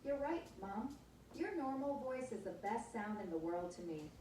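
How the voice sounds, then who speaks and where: A woman's voice: on the high side, lively intonation, moderate pace, mellow, recorded from a distance, slight background noise, natural voice. Emily: a synthetic woman's voice reading a cheerful girl hedgehog. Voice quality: smooth synthetic voice. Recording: echoey room, smart speaker heard from afar.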